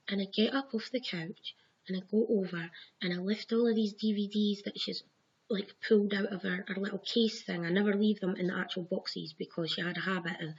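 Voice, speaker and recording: Husky woman telling a dream story. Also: medium pitch. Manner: rambling, swears freely, acts out her own past lines. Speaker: vlogger telling her own dream experiences. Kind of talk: casual storytelling to camera. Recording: dull lo-fi home recording.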